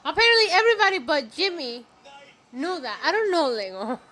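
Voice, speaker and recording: A woman streamer reacting live to a wrestling show, excitable and swearing, often shouting at the action. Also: very high voice, a little fast. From Puerto Rico. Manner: excitable, profane, shouts at the screen.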